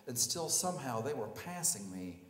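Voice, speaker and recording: A man telling a personal story live on stage, animated and self-mocking, acting out the scenes. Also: mid-range voice, normal speed. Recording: echoey hall, live stage.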